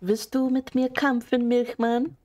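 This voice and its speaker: A woman's voice: on the high side, flat delivery, a little slow, a little mellow, voice pushed up, lightly acted. A woman voicing a mock-angry German woman who teases a shy friend into a playful fight. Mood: taunting. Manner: teasing, picking a playful fight.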